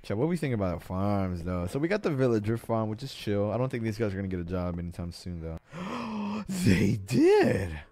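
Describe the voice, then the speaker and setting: A young man casually livestreaming a game, excitable and swearing, with sudden shouts. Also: on the low side, moderate pace, hardly any pauses, dry recording. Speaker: streamer.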